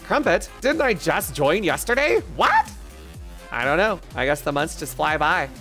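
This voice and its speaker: A man with a fairly high but gravelly voice chats on a live stream, joking crudely and rambling as he answers his chat. Faint music runs in the background. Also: animated, normal speed, bright, forceful tone.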